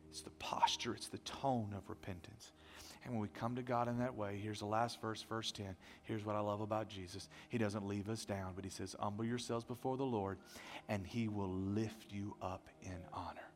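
A middle-aged man preaching a sermon as pastor, dynamic, swinging from loud to hushed. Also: fairly low pitch, fairly even intonation, moderate pace, soft background music. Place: church sanctuary. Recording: long hall reverb.

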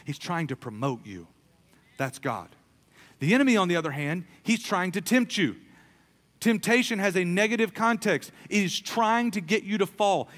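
A man preaching a sermon as a pastor, emphatic, swinging between soft, quiet stretches and loud, pressing lines. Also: sits high. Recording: long hall reverb.

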